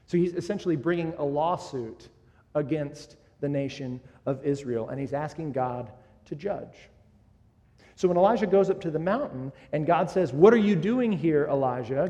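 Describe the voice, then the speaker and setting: A preaching man with a slightly raised, mellow voice who teaches earnestly and often stumbles into restarts. His words echo through a large hall with a long reverb. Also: a little high. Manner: earnest, with frequent restarts and "kind of". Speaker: pastor. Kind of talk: sermon. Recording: echoey hall.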